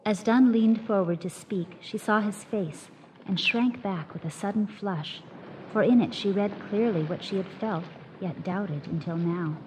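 A woman reads a story aloud, measured and expressive, her voice at an ordinary middle pitch. A loud hiss of noise lies under the whole recording. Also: low-quality recording. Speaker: reader.

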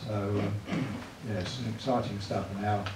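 A man's voice: on the low side, steady tone, moderate pace. A man giving a church evangelism talk, chatty, often asking the room tag questions. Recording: echoey room, mic far off, clear noise.

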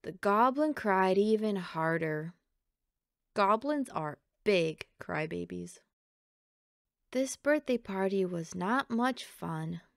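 Slow, gentle woman reading a storybook. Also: mid-range voice, expressive, vocal fry, clear, resonant tone, no echo, studio quality. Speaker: storybook reader. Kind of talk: children's picture book read-aloud.

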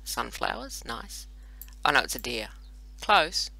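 A woman's voice: very deep voice, sing-song, slow, vocal fry, sharp tone, breathy edge, rough recording. A woman hosting casual gameplay commentary, rambling and chatty with self-mocking asides, recorded on a computer microphone. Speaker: host playing a browser strategy game.

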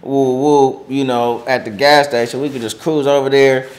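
Middle-aged man, interview guest, slangy casual storyteller who acts out quotes loudly. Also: medium pitch, normal speed. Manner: animated, acts out quotes in raised voice; slangy, filler-heavy speech.

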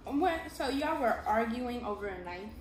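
A woman reacting bluntly with quick questions in a casual chat. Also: a little high, lively intonation. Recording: echoey room with clear background noise.

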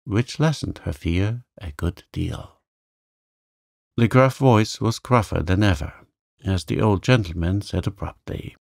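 Slow, gravelly, calm male storyteller. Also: lowish voice, dry recording, studio quality. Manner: gentle, soothing. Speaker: narrator. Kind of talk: calm bedtime story reading.

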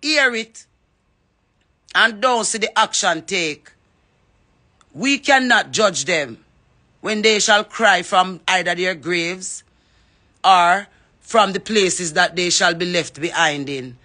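A woman's voice: on the low side, slow, long pauses, sharp tone. A Jamaican woman giving an impassioned address, fervently calling on others by name to speak up. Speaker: reggae artist.

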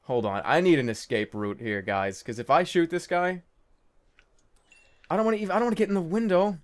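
A young man commentating a stealth game he is playing, jittery and excitable, with nervous laughs and yelps. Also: fairly high pitch, fairly quick. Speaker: gaming video host. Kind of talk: let's play commentary.

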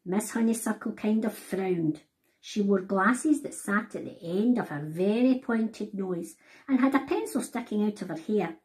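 A woman author reading her picture book aloud to children, animated and talking to them directly. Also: medium pitch, a little slow. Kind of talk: storybook read-aloud for children.

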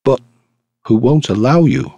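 A man voicing a mild, unassuming priest in an audiobook reading, speaking low and quietly witty. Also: a little slow, gravelly, dry recording, lo-fi sound.

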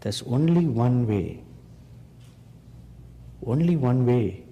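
Slow, emphatic preacher in a hall. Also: male voice, mid-range voice, animated, dark tone, slightly rough. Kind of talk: sermon. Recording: long hall reverb.

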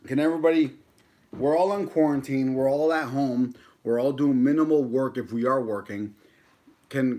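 A mukbang YouTuber, an American man in his thirties, eats on a live stream while chatting casually, joking and swearing freely. His voice is medium in pitch with a darkish tone.

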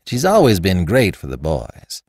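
A man's voice: sits low, wildly swooping pitch, a little slow, a little mellow, no echo, clean studio sound, heavily acted. A man voicing a brusque, evasive country woman who answers shortly in rustic speech. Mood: curt.

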